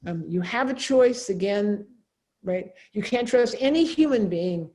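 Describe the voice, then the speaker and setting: A middle-aged woman gives an academic seminar lecture in a mellow, warm-toned voice. She talks conversationally and keeps checking in with her listeners through a questioning "right?". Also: mid-range voice, lively intonation, a little slow. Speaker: professor of religion and ethics.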